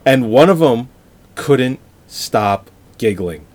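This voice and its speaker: A man co-hosting a podcast, telling relaxed stories and laughing easily in casual chat. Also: mid-range voice, takes it slowly. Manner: laid-back storyteller, laughs easily. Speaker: podcast co-host. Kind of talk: casual movie-review chat.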